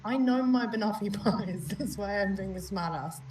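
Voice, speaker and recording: A woman's voice: mid-range voice, normal speed, far from the mic, crowd noise, rough recording. A woman co-hosting a live stream, teasing playfully and breaking into laughter. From New Zealand. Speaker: co-host. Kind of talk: live-stream casual chat. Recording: voice a little off mic.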